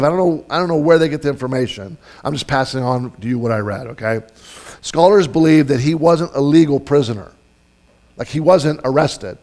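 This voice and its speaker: A male pastor delivering a sermon in a church, his pitch sitting in an ordinary middle range. He talks in a relaxed, conversational way, telling stories and often restarting his phrases. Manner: storytelling, conversational, with frequent fillers and restarts.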